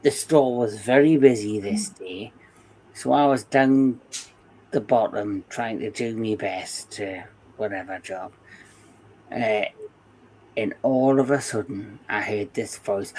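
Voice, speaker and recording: A man's voice: on the low side, slow, darkish tone, low-quality recording. A man in his forties with a Geordie accent, chatting casually on a podcast and telling rambling stories with frequent laughs. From England. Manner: rambling anecdotal storyteller, laughs often. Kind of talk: casual chat.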